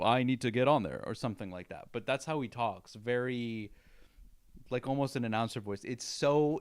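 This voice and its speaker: Male podcast co-host, animated and tangent-prone, medium voice, dry close recording. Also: medium pitch, no echo. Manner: animated, laughs often, goes off on tangents. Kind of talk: casual film chat.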